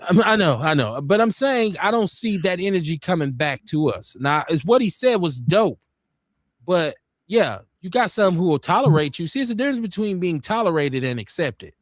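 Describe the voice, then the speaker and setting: Man, talk show host, earnest, argumentative, slightly high voice, dry close sound. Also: very animated, normal speed, no echo. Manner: earnest, argumentative, repeats himself to make a point. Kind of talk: live talk show discussion.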